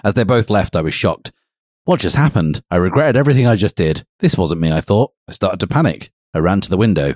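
A man's voice: low-pitched, lively intonation, fast, few pauses, a little mellow, dry recording, clean studio sound. A man co-hosting a podcast, giving a mock-serious comic reading of fan fiction. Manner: mock-serious storytelling, breaks into laughter. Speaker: podcast co-host.

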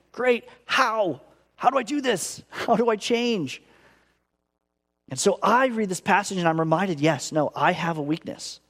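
Earnest male pastor in a reverberant hall. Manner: earnest, acts out inner voices with big pitch swings. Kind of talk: sermon.

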